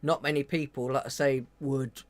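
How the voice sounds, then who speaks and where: A man co-hosts a casual live stream chat in an average-pitched voice. He mostly backs up the main host with short, supportive agreement. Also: fairly even intonation, normal speed, dry recording. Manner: supportive, brief agreeing replies.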